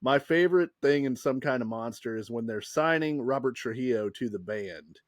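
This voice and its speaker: A man's voice: mid-range voice, lively intonation, moderate pace, no room sound, clean studio sound. A man co-hosting a casual podcast, laid-back, often chiming in with agreement.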